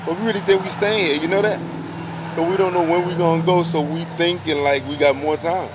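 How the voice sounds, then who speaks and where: A man's voice: a little high, fairly even intonation, brisk, background noise. Slangy man preaching on a street. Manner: preachy, fires off rhetorical questions; loose slangy delivery. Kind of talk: casual street monologue.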